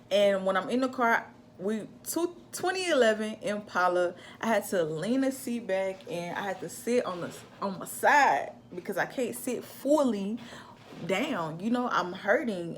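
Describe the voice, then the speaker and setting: A young woman chats to her camera in a lively, storytelling way, voice sitting at an ordinary middle pitch. She keeps it casual and animated, rushing some bits and stretching others. A faint noise hangs behind her. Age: young adult. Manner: animated, chatty, acts out her own shouts in quotes. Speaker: vlogger telling a birth story.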